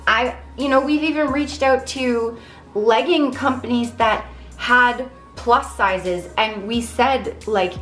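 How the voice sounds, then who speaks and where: A woman's voice: a little high, slow pace, a bit bright. A young adult woman talking candidly to camera in a casual vlog, earnest and reflective. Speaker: vlogger. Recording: echoey room with faint music.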